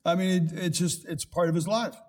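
A man's voice: high voice, fairly even intonation, fairly quick. An older man, a pastor, preaching a sermon with rising emphasis and quoted scripture.

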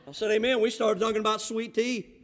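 A man's voice: high-pitched, steady tone, fast talker. A man with a Southern accent from the Florida panhandle, preaching a fervent sermon as a pastor, with many restarts and rising exhortations.

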